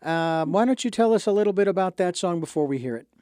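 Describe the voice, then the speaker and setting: Easygoing interview host, lively pitch. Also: fast talker, clear, resonant tone, no echo, studio quality. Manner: easygoing, brief affirmations. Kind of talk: casual interview chat.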